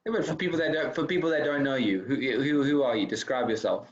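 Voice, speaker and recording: A man's voice: medium pitch, quick pace. A male host asking questions in a rambling, friendly casual chat over a video call. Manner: rambling, friendly, repeats himself. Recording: dull lo-fi call audio.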